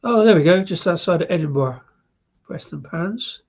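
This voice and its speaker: A man's voice: fairly high pitch, animated, moderate pace, a little mellow, husky, dull audio. A British man hosting a live beer review, chatty and rambling with frequent laughs. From Britain.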